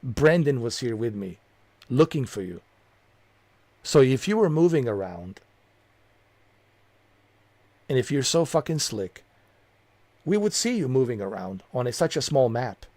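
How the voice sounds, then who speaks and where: A man's voice: mid-range voice, sing-song, unhurried, pauses often, darkish tone, no echo. Heated, profane man ranting. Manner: heated, profane, repetitive, confrontational. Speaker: streamer. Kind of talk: angry rant at a viewer.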